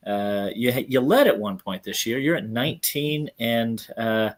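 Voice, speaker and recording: A man's voice: medium pitch, expressive, measured pace. A man hosting a sports podcast, joking and rambling with many restarts. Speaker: podcast host. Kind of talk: casual sports chat.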